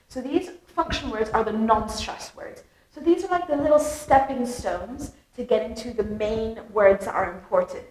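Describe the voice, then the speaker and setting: A British woman with a fairly high voice gives a lively English lesson, leaning hard on the stressed words so her speech rises and falls melodically. Her voice is recorded in an echoey room. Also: slight background noise. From Britain. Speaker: English teacher.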